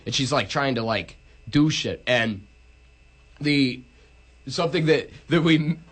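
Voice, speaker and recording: A man's voice: mid-range voice, slow, fairly bright tone, husky. A young man casually recapping a movie with friends, rambling and profane, with lots of restarts. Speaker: podcast co-host.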